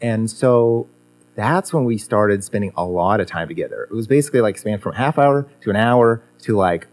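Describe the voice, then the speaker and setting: Man, former guitar teacher, low voice, rambling and filler-heavy, relaxed reminiscing. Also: normal speed. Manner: rambling, many fillers and restarts. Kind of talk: casual conversation.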